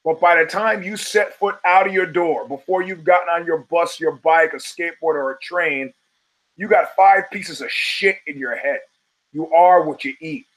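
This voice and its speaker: A man's voice: fairly high pitch, moderate pace, a bit bright, rough recording. A man hosting a solo podcast, talking in a wry, profane, digressive way with emphatic punches. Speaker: podcast host.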